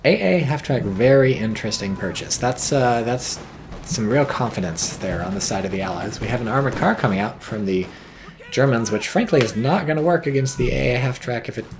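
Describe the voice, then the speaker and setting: Male streamer commentator, casual and wry with a bit of profanity, average pitch. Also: lively intonation, brisk, background noise. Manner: wry, offhand, swears casually.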